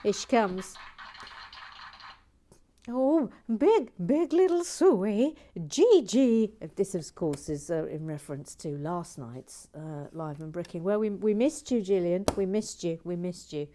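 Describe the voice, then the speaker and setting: A woman's voice: lowish voice, normal speed, hardly any pauses, dark tone. A woman hosting a casual building vlog, chatty and cheerful, greeting viewers by name with plenty of ums and uhs. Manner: chatty and cheerful, reading out viewer comments, many fillers. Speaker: host.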